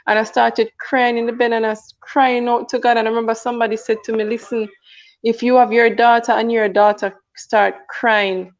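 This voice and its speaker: An earnest woman tells her personal story as a guest on a talk radio program. She often circles back and repeats phrases, and her pitch stays fairly level. The recording sounds muffled and lo-fi. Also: level tone, a little fast. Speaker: guest sharing a testimony.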